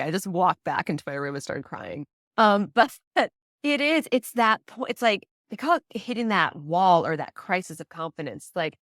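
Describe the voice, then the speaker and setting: A woman guest in a casual interview, chatty and quick to laugh, often acting out the voices of people she quotes. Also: mid-range voice, animated, fairly bright tone, no room sound, studio quality. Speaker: prenatal yoga teacher and doula, guest.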